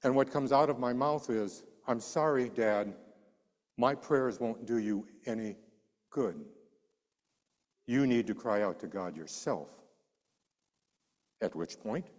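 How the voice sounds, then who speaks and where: A man preaching in a large hall, his mid-range voice ringing with long reverb. He tells a personal story with animated delivery, acting out the voices of the people in it. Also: medium pitch, slow, long pauses. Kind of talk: sermon storytelling.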